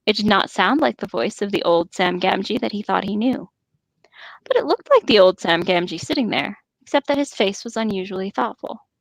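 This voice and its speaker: A woman's voice: mid-range voice, animated, fairly quick, vocal fry, dry recording. A woman reading a novel aloud for a podcast, putting on voices for the characters and making chatty asides. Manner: reads dialogue in put-on hobbit voices, chatty asides. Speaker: podcast reader.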